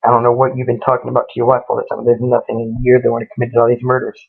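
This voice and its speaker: A stern deputy , put on by a man retelling a ghost story, lays things out in a flat, matter-of-fact official tone. The voice is gravelly and creaky. The sound is tinny, like a phone line. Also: mid-range voice, racing. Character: stern adult male deputy.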